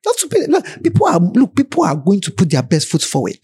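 High-voiced Ghanaian man giving chatty advice. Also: wildly swooping pitch, fast talker, darkish tone, breathy edge. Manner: chatty, advising, direct with listeners. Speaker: podcast host. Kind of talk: casual relationship advice chat.

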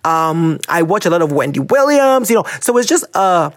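A man's voice: normal speed, no echo. A man with a Ghanaian English accent hosting a podcast, talking casually and expressively, wandering off on tangents. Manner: expressive, jumps between tangents, big pitch swings. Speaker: podcast host. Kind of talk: animated casual monologue.

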